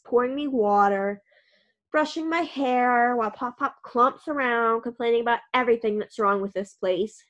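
A woman's voice: a little high, muffled recording. A woman reading a first-person storybook aloud in a wry, dry manner. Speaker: audiobook narrator.

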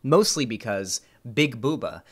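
A man's voice: mid-range voice, measured pace. A young man streaming, reading online comments aloud and reacting with casual, sarcastic commentary and frequent swearing. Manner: sarcastic, animated, swears freely.

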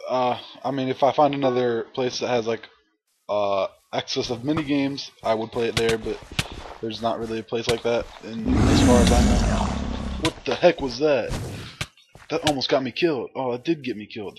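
A man commenting casually on a game he is playing, talking to his viewers and letting out frustrated outbursts. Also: on the low side. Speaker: gaming commentator. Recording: loud background noise.

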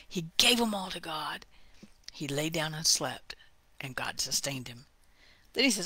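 Bright-voiced woman giving a heartfelt devotional talk. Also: fairly low pitch, lively intonation, normal speed, no echo. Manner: heartfelt, drops to a hushed whisper for emphasis; conversational, with asides and small laughs. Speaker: devotional speaker.

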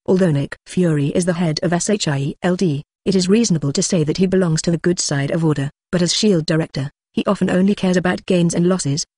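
An audiobook narrator reading a translated web novel, keeping one steady, even delivery through narration and dialogue. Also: mid-range voice, no echo, clean studio sound.

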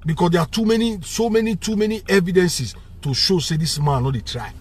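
A man's voice: high-pitched, a little fast, slightly rough. A man with a Nigerian Pidgin English accent delivering a heated, repetitive political rant, switching between Pidgin and English. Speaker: vlogger.

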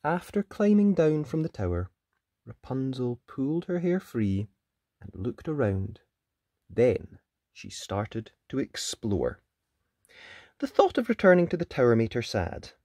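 Slow, expressive read-aloud storyteller. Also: mid-range voice, no room sound, clean studio sound. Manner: expressive, with whispered sound effects.

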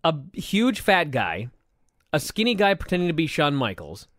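A man co-hosting a podcast, talking in an animated, exasperated way and laughing as he swears. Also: a little high, normal speed, no room sound, studio quality. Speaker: podcast co-host. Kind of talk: casual chat reviewing old wrestling.

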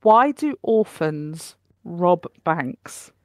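A woman's voice: on the low side, animated, very slow, no echo, studio quality. A woman co-hosting a podcast in a casual, playful chat, keen to tell jokes. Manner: chatty and playful, tells jokes. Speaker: podcast co-host.

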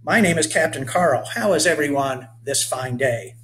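A man's voice: on the high side, expressive, normal speed, a bit bright. A hearty, welcoming captain giving a little tour in a children's storybook, read by a man. He calls out greetings and explains things patiently, with a faint hum underneath. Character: friendly male boat captain, hearty tour guide.

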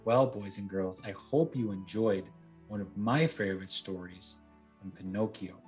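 A man gently reading a bedtime story aloud to children as a storyteller. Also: on the low side, measured pace, soft background music.

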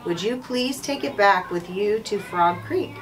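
A woman's voice: mid-range voice, expressive, unhurried, lightly acted. A woman voicing a grave, commanding army captain while reading a storybook aloud. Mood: solemn. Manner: firm, solemn read-aloud delivery. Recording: distant mic, faint background noise.

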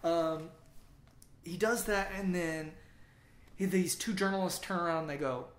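A man co-hosting a podcast in casual sports chat, easygoing with quick agreeing replies. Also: on the high side, fairly even intonation. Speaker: podcast co-host. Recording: roomy echo, faint background hiss.

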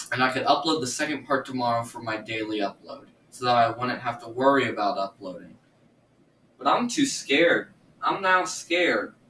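A nervous, stammering man talks through a reaction video in a casual, repetitive way. His voice is bright and sharp, sitting at a middle pitch. The sound is roomy and echoey, as if he sits a little back from a laptop mic. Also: distant mic, a little hiss or hum. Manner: nervous, stammering, repeats himself. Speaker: gaming YouTuber reacting to videos. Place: room at home. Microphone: laptop or earbuds mic.

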